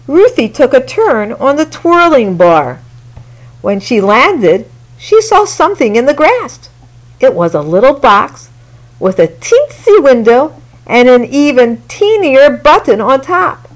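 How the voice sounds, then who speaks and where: Woman storyteller, children's read-aloud, slow pace, lively sing-song pitch, fairly high voice. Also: low-quality recording.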